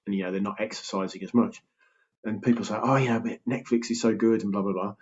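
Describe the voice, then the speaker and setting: A man's voice: fairly low pitch, fairly even intonation, quick pace, a little mellow, lo-fi sound, a little hiss or hum. A man, a health coach talking casually and breezily to camera, full of fillers and acted-out quotes. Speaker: health and weight loss coach.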